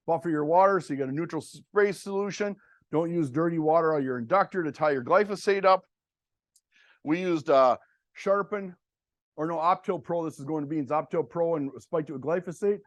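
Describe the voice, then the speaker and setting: Middle-aged guy talking cover crops to farmers, plainspoken and blunt, kinda high voice, dry room. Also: brisk, dry recording. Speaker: cover crop seed dealer presenting to farmers. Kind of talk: farm workshop presentation.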